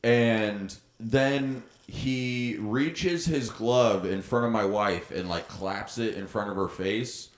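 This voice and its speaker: A man's voice: fairly low pitch, slow pace, few pauses, roomy sound. A young man co-hosting a podcast, animatedly telling a story and laughing often. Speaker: podcast co-host. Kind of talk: casual storytelling chat.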